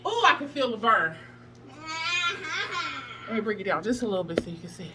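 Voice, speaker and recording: In a sing-song, mid-range voice at a slightly quick pace, a plus-size fitness vlogger delivers sassy, emphatic workout motivation, laughing often and at times breathless from exercise. Background noise and music come through, and the microphone sits at a distance.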